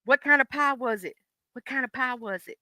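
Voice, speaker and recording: Bright-voiced, blunt Southern woman. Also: sits high, brisk, no room sound, low-quality recording. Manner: blunt, profane, talks straight to chat. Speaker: livestream host. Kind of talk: casual livestream chat.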